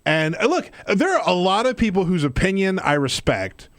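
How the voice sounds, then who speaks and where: A man's voice: high-pitched, very animated, normal speed, a bit bright, no echo. Guy guest-hosting a radio show, jokey, laughs at himself, voice bounces all over. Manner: joking, self-deprecating, laughs often. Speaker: fill-in radio talk show host. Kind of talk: casual studio banter. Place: radio studio.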